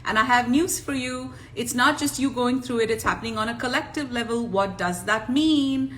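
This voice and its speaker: A woman with a fairly high voice gives a live spiritual talk to her online viewers. She talks emphatically and preachily, hammering points home by repeating them. A faint hiss sits under her voice. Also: moderate pace, fairly bright tone. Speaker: spiritual teacher and co-host.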